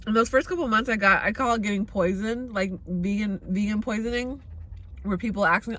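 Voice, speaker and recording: A woman's voice: medium pitch, fast talker, fairly bright tone. A woman in her thirties from the Bay Area, chatting casually and candidly in a vlog, swearing freely. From San Francisco Bay Area. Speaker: vegan vlogger.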